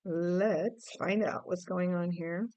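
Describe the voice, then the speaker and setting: Woman tarot reader, casual and emotive, thinks aloud with restarts; smooth tone, dry close sound. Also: lowish voice, steady tone, takes it slowly, warm tone, no room sound. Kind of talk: casual tarot reading to camera.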